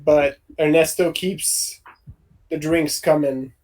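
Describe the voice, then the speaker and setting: Guy gm talking slow and easy, kinda high voice, lots of ums. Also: low-quality recording. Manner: relaxed, unhurried, many ums. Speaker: game master. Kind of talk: narrating a tabletop game.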